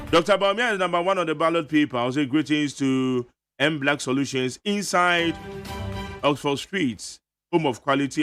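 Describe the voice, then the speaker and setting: A man with a Ghanaian accent hosting a morning radio show, chatty and animated as he reviews the news and reads listener messages. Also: on the high side. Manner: chatty, animated, frequent laughs and quick asides. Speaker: radio host. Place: radio studio. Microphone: studio microphone.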